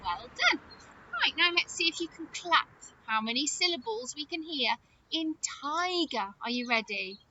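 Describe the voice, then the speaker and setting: A woman teacher leading an early-years phonics lesson, speaking slowly and encouragingly as she says words clearly and claps out their syllables. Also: high voice, sing-song. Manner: slow, sing-song, encouraging, clapping out syllables. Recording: dull lo-fi sound with loud noise.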